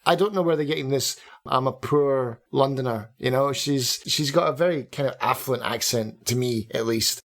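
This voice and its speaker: A man's voice: medium pitch, a little fast, hardly any pauses, a bit bright. A man co-hosting a podcast, giving frank, opinionated takes on a game with lots of "like" and a laugh. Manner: candid and opinionated, trailing off with likes and laughs. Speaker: podcast co-host. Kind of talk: casual game discussion podcast.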